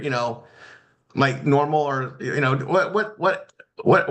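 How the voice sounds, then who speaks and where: A man with a bright, forceful voice coaching students in a loose, off-the-cuff training session. He talks in a rambling way, full of restarts and "you guys" asides. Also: fairly high pitch, a little slow. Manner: rambling, many restarts and fillers. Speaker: marketing instructor. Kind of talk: casual training talk.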